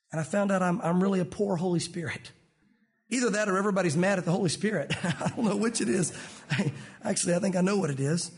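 A middle-aged man preaching a sermon, animated, acting out the voices of people in his story. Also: sits high, quick pace. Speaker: pastor.

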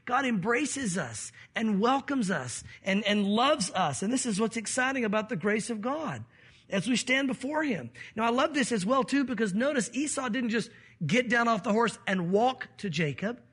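A man's voice: very high voice, animated, moderate pace, fairly bright tone, husky. A man preaching a sermon, explaining scripture and acting out the quoted voices of the people in the story. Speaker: pastor.

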